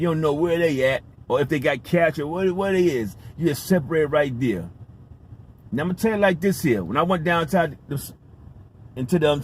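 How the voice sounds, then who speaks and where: Emphatic rambling man, slightly high voice. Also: slight background noise. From United States. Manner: rambling, emphatic, profane, repeats himself. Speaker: vlogger. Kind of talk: casual storytelling monologue.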